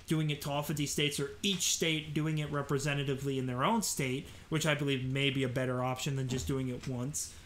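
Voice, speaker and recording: A man's voice: medium pitch, level tone, brisk, few pauses, fairly bright tone, slight background noise. A man hosting a live political commentary show, talking in an opinionated, rambling way with many fillers and restarts. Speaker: host.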